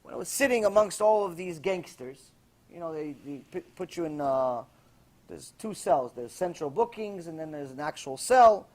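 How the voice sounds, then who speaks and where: A man, a rabbi, preaching a sermon, telling a story in an animated way with acted quotes and dry sarcastic asides. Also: on the high side, normal speed.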